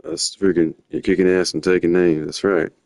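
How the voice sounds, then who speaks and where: A man's voice: deep voice, flat delivery, normal speed, a little mellow, no room sound. A young man rambling through slangy stories while live-streaming. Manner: rambling, slangy, drifting storytelling. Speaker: livestreamer.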